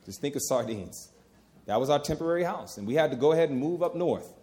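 A man's voice: on the high side, animated, quick pace, mellow. A middle-aged man preaching a sermon, emphatic and folksy, repeating key phrases and talking to the crowd as "y'all".

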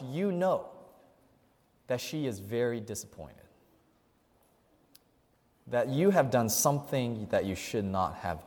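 A male pastor preaching a sermon, asking his congregation questions and swinging between loud emphasis and hushed, quiet passages. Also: medium pitch. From Chinese family. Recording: hall reverb.

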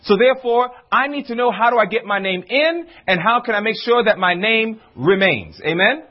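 A man preaching a sermon to a congregation, using rhetorical questions and slowing down on words he stresses. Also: high voice. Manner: animated preaching, rhetorical questions, drawn-out emphasis. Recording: dull lo-fi recording.

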